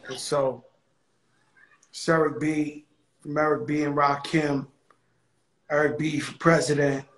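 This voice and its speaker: A male host speaking in a heartfelt, halting way, pausing and restarting as he talks. His voice is a touch high and comes through with a roomy, echoey sound. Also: a bit bright. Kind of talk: casual conversation.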